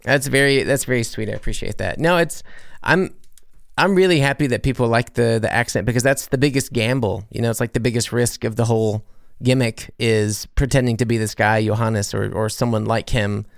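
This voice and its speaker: A man's voice: medium pitch, a little fast, creaky, smooth, no echo, studio quality. A man who is a musician and comedy creator, answering radio interview questions in an earnest, rambling way with many restarts. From United States.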